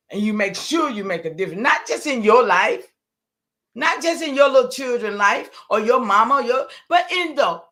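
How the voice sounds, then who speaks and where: A woman's voice: fairly high pitch, a bit bright. An older woman, talking casually and emphatically to her livestream viewers, rambling and answering their comments. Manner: rambling, emphatic, talks back to chat comments. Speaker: livestream host.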